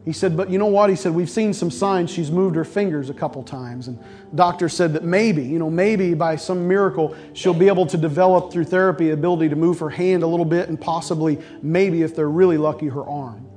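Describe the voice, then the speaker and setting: A man's voice: a little high, a little fast, darkish tone, faint music behind. A middle-aged male pastor preaching a sermon, telling a personal story earnestly and repeating words as he builds his points.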